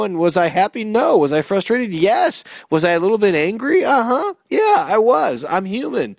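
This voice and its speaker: Male motivational host, middle-aged, higher voice, punchy rhetorical questions, dry close sound. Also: normal speed, hardly any pauses, no room sound. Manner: energetic, storytelling, emphatic rhetorical questions. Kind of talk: motivational talk.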